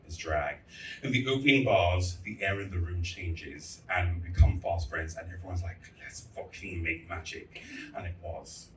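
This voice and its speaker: A man with a lowish voice delivers a candid public speech, telling stories with blunt, crude humor. He is heard from a distance in an echoey hall, with faint ambience behind him. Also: moderate pace, a little hiss or hum. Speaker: festival speaker.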